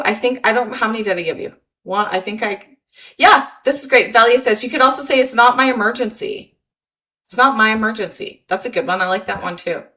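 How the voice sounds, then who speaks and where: A woman's voice: on the high side, sharp tone. A woman presenting a motivational webinar, encouraging and repeating key phrases, reading chat comments aloud over a video call.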